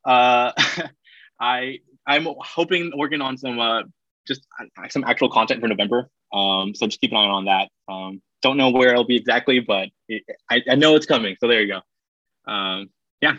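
A man gives his casual draft analysis as a podcast guest, his voice bright and forward. The recording is dry and a little dull, with no room sound around him. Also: mid-range voice, moderate pace, no echo. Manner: loose and relaxed, with many fillers. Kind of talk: casual basketball draft chat.

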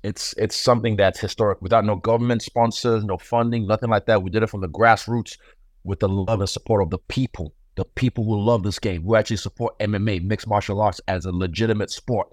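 A man's voice: fairly low pitch, fairly even intonation, fairly quick, no room sound, clean studio sound. A man talking as a guest fighter in a casual interview, laid-back and swaggering, now and then acting out other people's words.

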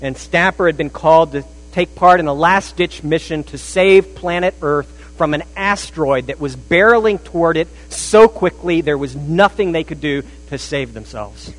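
A pastor preaching a sermon, shifting between rising emphasis and a hushed, intense delivery. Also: male voice, fairly high pitch, normal speed, few pauses, rough recording. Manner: dramatic, drops to a hushed intensity.

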